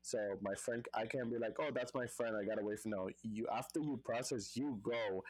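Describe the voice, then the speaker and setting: A man's voice: mid-range voice, normal speed. A man with a mid-range voice chats casually as a podcast co-host. He explains things at length and adds short agreement as the other host talks. His voice sounds dry and close, with no room echo. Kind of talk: casual chat.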